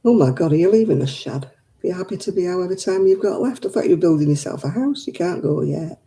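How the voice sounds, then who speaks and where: A woman's voice: on the low side, lively intonation, quick pace, warm tone, low-quality recording. An older woman, chatting casually with live viewers and grumbling in an exasperated way. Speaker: live streamer.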